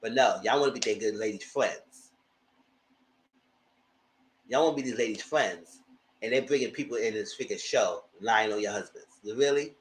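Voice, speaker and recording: A man giving blunt, profane live commentary on reality TV episodes, acting out cast members' lines in high voices. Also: moderate pace, pauses often, reverberant, a little hiss or hum, rough recording. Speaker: reality TV reviewer. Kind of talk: live casual recap commentary.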